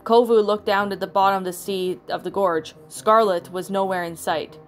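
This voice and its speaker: Storyteller woman, mid-pitched, plain read-aloud narration, faint music bed. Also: fairly even intonation, normal speed. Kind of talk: reading fan fiction aloud. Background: soft background music.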